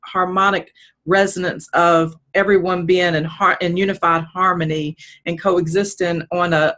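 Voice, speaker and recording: Discussion participant, slow reflective answer. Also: medium pitch, level tone, pushed and bright. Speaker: group participant. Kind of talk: thoughtful answer in group discussion.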